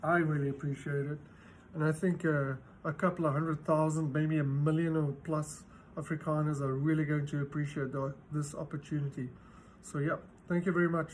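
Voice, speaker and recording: A man in his fifties, talking to camera in an exasperated, halting way as he searches for words. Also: on the high side, little pitch movement, a little hiss or hum. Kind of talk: casual talk to camera.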